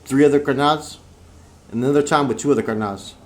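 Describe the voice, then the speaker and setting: A man cuts in as co-host with a laid-back, casual manner and chuckles between remarks. His voice sits at an ordinary pitch. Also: fairly quick. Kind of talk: casual chat.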